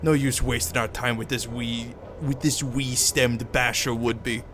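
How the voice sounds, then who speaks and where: A man's voice: medium pitch, fairly even intonation, unhurried, fairly bright tone, a little hiss or hum, natural voice. A man reading a scornful young woman's lines in a put-on Irish accent, throwing slangy insults at a thug. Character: scornful Irish female tiefling thief.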